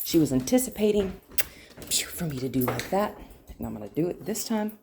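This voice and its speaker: A woman dog trainer explaining her steps to viewers while working a dog indoors, breaking into high praise. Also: very animated, a little fast, creaky, noisy background. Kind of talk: instructional dog training demo.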